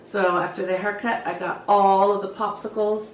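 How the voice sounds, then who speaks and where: A middle-aged woman hairstylist telling stories in a casual, lively way and acting out what she said to the kids. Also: mid-range voice, normal speed, a little hiss or hum. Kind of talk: casual storytelling to camera. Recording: echoey room, voice from some distance.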